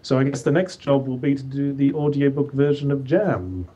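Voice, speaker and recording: A man's voice: medium pitch, moderate pace, warm tone, slightly rough, highs cut off. A man calling in as a guest author, chatting casually with dry, wry humor. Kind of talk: casual chat.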